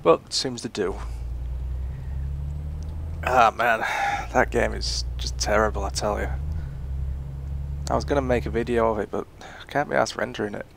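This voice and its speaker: A man's voice: lowish voice, fairly even intonation, normal speed, creaky, long pauses, a bit bright, slight background noise. A young British man, chatting casually and rambling through his gameplay commentary. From Britain. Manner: rambling, chatty, self-mocking. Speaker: gaming YouTuber.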